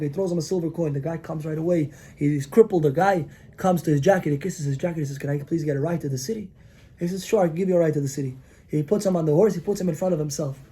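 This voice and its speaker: High-voiced rabbi telling lively stories. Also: male voice. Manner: animated, acts out characters in the stories. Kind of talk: storytelling sermon.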